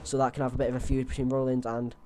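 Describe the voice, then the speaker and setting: With a mid-range, darkish voice and flat delivery, a young man on a headset talks very fast through his wrestling predictions. He's casual, stopping and restarting frequently with many fillers.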